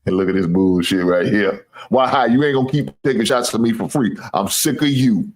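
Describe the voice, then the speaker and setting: Hosting a sports show, this man delivers a casual trash-talk rant to his viewers at a moderate pace in a fairly low voice. He's boastful and teasing, curses without holding back, and cracks himself up.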